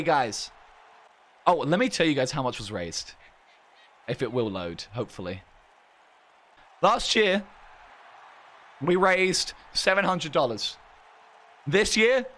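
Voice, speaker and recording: A man with a hoarse, worn-out voice hosts a live stream. He calls the action loudly and excitably. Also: on the high side. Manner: excitable, shouts play-by-play. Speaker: streamer and event host.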